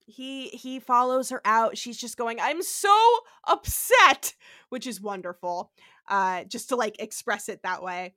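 A woman co-hosts a podcast in loose, casual chat. Her voice is bright and fairly high, and the sound is dry and close to the mic. She swears freely and slips into little acted-out quotes. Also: fairly even intonation, normal speed, no echo. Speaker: podcast co-host.

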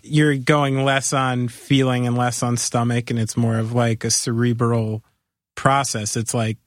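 A man's voice: mid-range voice, level tone, unhurried, no room sound, clean studio sound. A man hosting a podcast in a casual chat, joking and rambling, laughing often. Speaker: podcast host.

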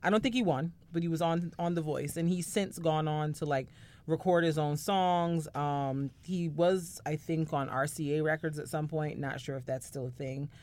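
A woman's voice: low-pitched, steady tone, normal speed, darkish tone. Chatty, playfully dramatic woman co-host. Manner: playfully dramatic, mock-indignant; rambling with many fillers. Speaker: podcast co-host. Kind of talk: casual chat.

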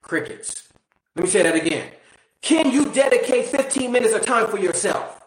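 A man's voice: very high voice, lively intonation, brisk. A man giving a blunt, preachy motivational talk that swears casually and fires direct questions at the listener. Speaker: motivational speaker. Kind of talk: motivational monologue. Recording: roomy echo.

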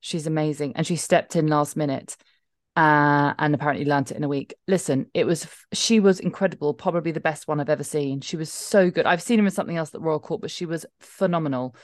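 Low-voiced woman, dry studio sound. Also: fairly quick, no room sound. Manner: chatty, emphatic, trails off into asides. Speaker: podcast co-host. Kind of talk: casual chat.

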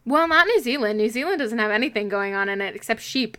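Woman podcast co-host, casual banter, bright crisp tone, quick to interrupt. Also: on the high side, expressive. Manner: chatty, quick to interrupt and joke.

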